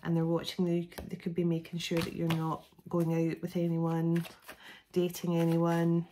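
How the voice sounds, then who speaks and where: A woman with a fairly low voice talks through a tarot reading in a loose, rambling way. She restarts her sentences often and fills pauses with fillers. Faint background hiss sits under her voice. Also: completely flat delivery. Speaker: tarot reader. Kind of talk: casual spoken tarot reading.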